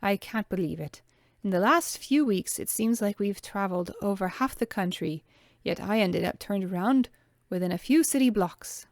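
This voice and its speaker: A sheepish young maid with a put-on French accent, as a woman reader voices her. She speaks softly and hesitantly, sometimes dropping to a near whisper. The sound is dry and close. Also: mid-range voice, animated, normal speed, dry recording, lightly acted.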